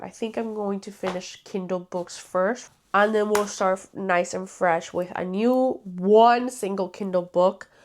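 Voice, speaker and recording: A woman's voice: medium pitch, a little hiss or hum. Casual book vlogger: woman, playful, chatty, swears offhand, talks to camera.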